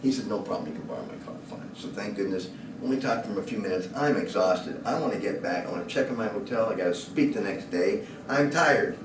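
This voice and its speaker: A man telling a personal story in a lively way, at times shouting and laughing. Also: fairly low pitch, a little fast, noisy background. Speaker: speaker. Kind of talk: animated storytelling. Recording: echoey room from a distant mic.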